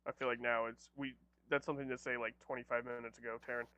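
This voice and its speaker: A man's voice: mid-range voice, little pitch movement, fast talker, sharp tone, dry recording, highs cut off. A man talking casually as a player over an online voice call, joking and teasing. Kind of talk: casual play chat.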